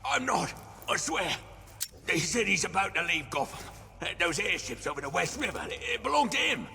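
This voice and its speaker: An actor playing a nervous, stammering male street thug with a gravelly voice in a video game. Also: sits high, very animated, moderate pace, bright, forceful tone, big-room sound, heavily acted. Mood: scared.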